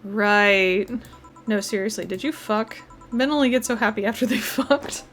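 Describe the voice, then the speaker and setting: A woman voicing a dry, sardonic young female bartender in a fan dub, teasing in a low-key, deadpan way. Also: moderate pace, faint music behind, natural voice.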